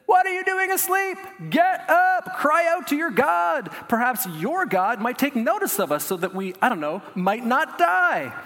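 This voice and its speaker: A man voicing a panicked ship captain in a storm, with an urgent, loud, high-pitched delivery during a Bible reading. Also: animated, a little slow, hardly any pauses, heavily acted. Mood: alarmed. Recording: long hall reverb.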